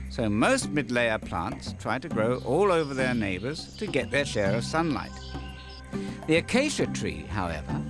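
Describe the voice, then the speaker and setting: A man narrating a nature documentary for kids in a playful, jokey scripted style with wisecracking asides. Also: medium pitch. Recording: background music with crickets.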